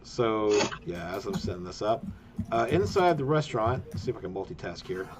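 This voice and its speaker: A man's voice: lowish voice, sing-song, brisk, a little hiss or hum. A man narrating a tabletop game as game master, chatty, with many fillers and frequent laughs.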